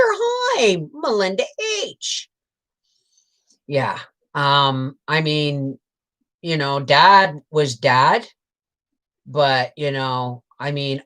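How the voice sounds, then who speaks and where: Woman, low pitch, casual livestream chatter, rambling storyteller, greets chat. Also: fairly bright tone. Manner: rambling and frank, peppered with swears and laughter; greets viewers and reads out chat comments between stories. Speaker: homestead channel host on a livestream.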